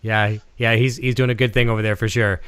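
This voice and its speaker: A man's voice: fairly low pitch, level tone, a little fast, fairly bright tone, clean tone, dry recording. A man with a Canadian accent hosting a casual livestream chat, signing off in a friendly, rambling way. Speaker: show host.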